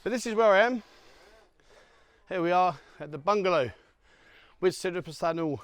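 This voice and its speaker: A middle-aged man with a fairly high voice vlogs outdoors into a handheld camera. He chats and jokes with his viewers as he walks, and he sounds a bit out of breath on the hill paths. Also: moderate pace, no room sound. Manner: chatty, jokey, addresses viewers directly. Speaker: travel vlogger. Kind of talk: casual walking vlog. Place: outdoors on a hillside island resort.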